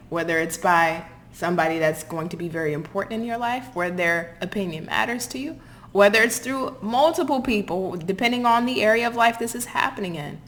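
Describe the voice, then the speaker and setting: A woman's voice: on the low side, fairly bright tone, slight background noise. A woman giving a channeled pick-a-card tarot reading, talking emphatically and passionately, cursing now and then. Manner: passionate, emphatic, swears and apologizes; acts out quoted people in mocking voices. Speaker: tarot reader.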